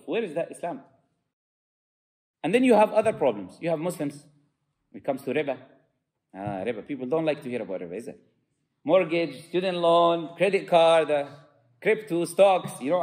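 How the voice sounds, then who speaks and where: Fast, fervent male preacher. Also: fairly high pitch, a little mellow. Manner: fervent, impassioned, mixes in Arabic phrases. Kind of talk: mosque lecture. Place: mosque.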